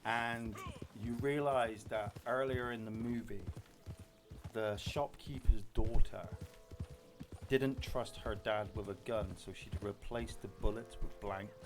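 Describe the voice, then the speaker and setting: A male streamer chatting casually while gaming, retelling a film scene with animated emotion. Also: on the low side, takes it slowly, background noise.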